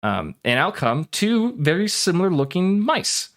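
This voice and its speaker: A man's voice: high-pitched, very animated, a little slow, a bit bright. A man narrating as game master of a tabletop game, talking casually with plenty of fillers.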